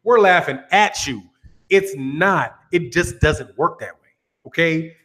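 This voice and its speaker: A man's voice: fairly high pitch, expressive, takes it slowly, fairly bright tone. An American man hosting a boxing channel, ranting casually with a lot of swearing and laughter. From United States. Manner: profane, teasing, laughs often.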